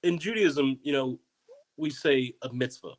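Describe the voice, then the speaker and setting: A young man with a mid-range, unhurried voice is a comedian guest on a podcast. He tells a rambling story, leaning heavily on "like." The audio quality is poor.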